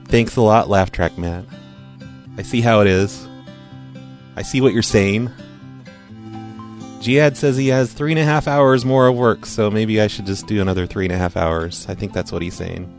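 Low-key rambling male host. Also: steady tone, normal speed, long pauses, soft background music. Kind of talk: casual chat.

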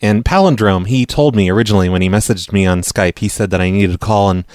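A man hosting a prank call show, telling the story in a flat, provoking deadpan. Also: on the low side, quick pace, no echo, clean studio sound. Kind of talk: casual storytelling and prank calls.

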